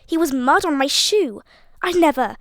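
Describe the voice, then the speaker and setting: A woman reading an audiobook voices a brash, scornful young upper-class man who blusters and mocks loudly. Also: high voice, moderate pace, no room sound, studio quality, natural voice. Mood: blustering. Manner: loud, blustering and mocking.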